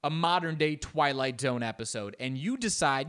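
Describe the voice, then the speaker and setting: A man's voice: normal speed, few pauses, smooth. A man reacting to a news clip in casual commentary, joking and jumping into exaggerated voices. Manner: animated, joking, jumps into exaggerated high-pitched voices. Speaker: reaction video host.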